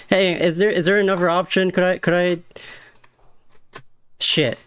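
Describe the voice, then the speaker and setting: A man's voice: high voice, flat delivery, slow, fairly bright tone, clear, resonant tone. A young man streaming a video game live, talking to himself and chat in an exasperated, swearing way.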